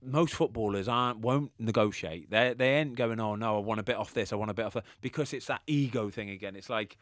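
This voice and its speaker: A man's voice: fairly low pitch, brisk, no room sound, clean studio sound. A man, chatting casually as a podcast host and repeating points for emphasis.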